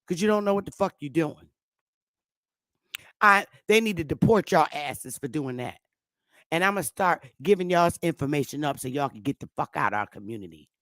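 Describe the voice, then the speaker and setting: A woman's voice: deep voice, expressive, moderate pace, a bit bright, no room sound. Blunt, profane woman ranting on a livestream. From United States. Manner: greets viewers by name. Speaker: YouTube livestream host. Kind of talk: heated livestream rant.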